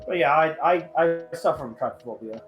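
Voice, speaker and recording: A man hosting a casual podcast chat, excitable and profane, breaking into sudden loud outbursts. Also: a little high, brisk, soft background music. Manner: excitable, swearing, shouts in bursts. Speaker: podcast host.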